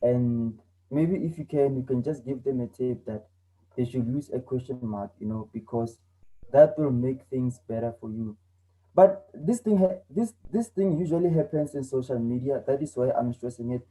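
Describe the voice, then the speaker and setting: A man's voice: medium pitch, moderate pace, warm tone, low-quality recording. A man teaching an online English lesson, explaining patiently and repeating himself with a lot of "okay". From South Africa. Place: home.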